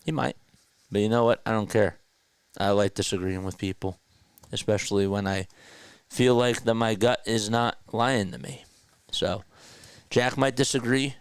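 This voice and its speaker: A man's voice: fairly low pitch, steady tone, moderate pace, pauses often, clear, resonant tone, no room sound. A man hosting a casual sports livestream, chatting loosely and reading viewer comments aloud from a home streaming setup. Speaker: play-by-play livestream host. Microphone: podcast mixer setup.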